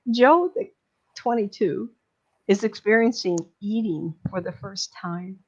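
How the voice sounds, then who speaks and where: A woman, a psychic medium, chattily retelling a movie plot and acting out the characters' lines. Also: medium pitch. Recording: dull lo-fi recording.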